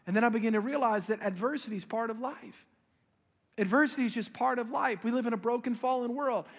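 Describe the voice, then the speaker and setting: A male pastor with a very high voice, preaching a sermon in a big church hall with a long echo. He tells the story vividly, rising loud and then dropping to quiet, pointed emphasis. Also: fast. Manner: animated storytelling with sudden drops to quiet emphasis.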